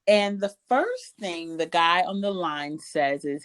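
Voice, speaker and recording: A woman's voice: fairly low pitch, slow pace, smooth, dry recording. A woman co-hosting a podcast, recapping a reality show in casual chat and acting out what the cast members say. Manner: animated, acts out cast members' lines. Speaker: podcast co-host.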